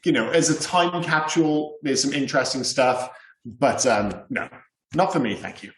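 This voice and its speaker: Animated swearing man in a roomy echo. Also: medium pitch, moderate pace. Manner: animated, swearing, laughs often. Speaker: podcast co-host. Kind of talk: casual film podcast chat.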